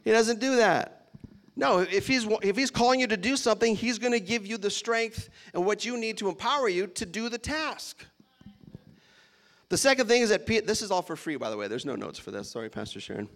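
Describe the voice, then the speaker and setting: A man preaches in a relaxed, conversational way, reading scripture aloud and stepping away from it for playful asides. His voice sits high for a man, and he laughs lightly now and then as he talks. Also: a little fast. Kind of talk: casual sermon with scripture reading.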